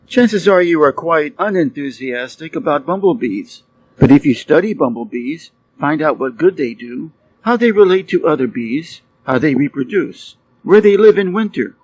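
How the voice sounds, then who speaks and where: A man with a somewhat raised voice reads a self-help audiobook. His delivery is earnest and emphatic, pressing firmly on the words that carry the point. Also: on the high side. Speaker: audiobook reader. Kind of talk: reading a self-help book aloud.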